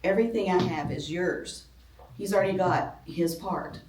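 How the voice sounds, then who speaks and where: A woman's voice: lowish voice, moderate pace, darkish tone. A middle-aged woman leading a ladies' Bible class in a church classroom, talking conversationally with many ums and some self-deprecating humor. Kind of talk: informal Bible class talk. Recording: roomy, distant from the mic.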